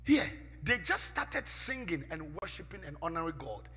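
A man preaching a sermon from the pulpit, with call-and-response, swinging from loud shouts to near-whispers. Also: on the high side, sing-song, normal speed, husky. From Ghana. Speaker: pastor. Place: church sanctuary. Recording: echoey church hall with music behind.

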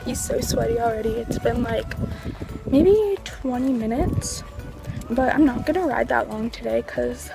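A woman's voice: a little high, lively intonation, a little slow, vocal fry, over music. A woman chatting casually in a riding vlog, filling her talk with "like" and coaxing her horse along as she rides. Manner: chatty, full of "like" fillers. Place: outdoors at a barn, on horseback.

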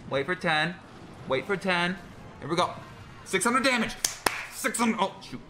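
A young man giving excitable, jokey running commentary on his own gameplay, talking to himself as he plays. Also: high voice, unhurried, over music. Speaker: gaming creator.

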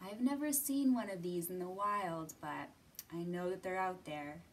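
A young woman leading a children's library storytime, gently coaxing little listeners with sing-song questions and sometimes dropping to a whisper. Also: lowish voice, normal speed, far from the mic. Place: library room.

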